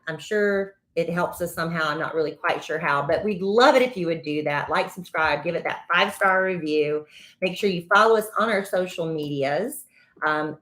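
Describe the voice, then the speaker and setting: A woman's voice: low voice, a bit bright. A woman co-hosting a podcast in casual chat, teasing her co-host with dry humor. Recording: echoey room.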